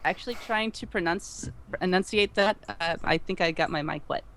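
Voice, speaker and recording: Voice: mid-range voice, moderate pace, a bit bright, a little hiss or hum. Stream co-host reading comments, rambling, restarts sentences a lot, casual chat.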